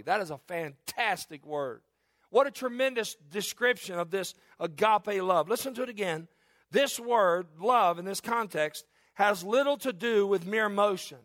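A man's voice: high-pitched, a bit bright, no room sound. A man in his forties preaching an earnest, conversational sermon in a church, often restarting and repeating phrases. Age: 40s. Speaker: pastor.

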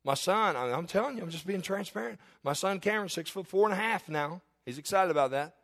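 A middle-aged man preaching from the pulpit, his pitch sitting a little high and swinging widely as he presses a point. He talks to the congregation in a candid, conversational way, firing off rhetorical questions. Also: animated, fast, a bit bright. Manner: confessional, candid storytelling. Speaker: pastor. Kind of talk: sermon.

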